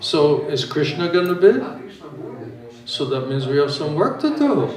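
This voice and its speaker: A man's voice: a little high, sing-song, unhurried. A man giving an informal spiritual talk, answering questions in a chatty, joking way. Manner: chatty, joking, conversational teaching. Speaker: spiritual teacher. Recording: echoey hall from far off, audience.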